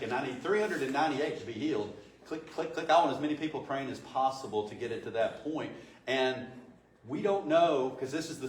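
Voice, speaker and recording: Male pastor, conversational sermon full of rhetorical questions; distant mic in a roomy church. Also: mid-range voice. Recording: echoey room, distant mic, faint noise.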